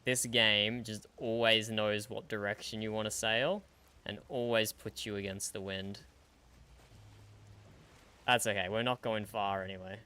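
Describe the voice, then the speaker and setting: Guy streaming a game at his desk, kinda low voice, bright and crisp, dry and chuckly. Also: level tone, a little slow. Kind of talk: casual gaming livestream chat.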